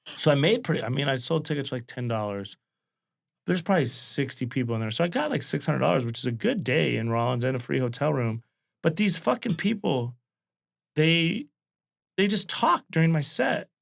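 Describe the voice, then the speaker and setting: He is a man from Wyoming, a stand-up comic, swearing freely as he tells stories and acts out the people in them. His voice is gravelly with fry and sits a bit high for a man. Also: sing-song, a little fast. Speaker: guest stand-up comedian. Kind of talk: casual storytelling chat.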